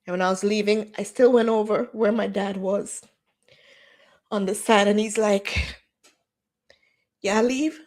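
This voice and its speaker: A woman's voice: medium pitch, moderate pace. A woman in her forties with a lilt tells her own story on a livestream. She speaks openly and with feeling, and she brings the people in her story to life through their quoted words. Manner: candid, emotional, animated retelling with quoted dialogue. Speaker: livestream host.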